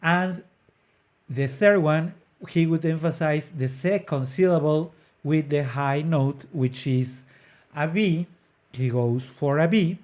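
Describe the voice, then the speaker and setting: Slow and a little mellow, a man with a higher-pitched voice discusses an aria on his opera podcast. He's earnest but full of hesitant fillers, and he stops to sing phrases that illustrate the notes.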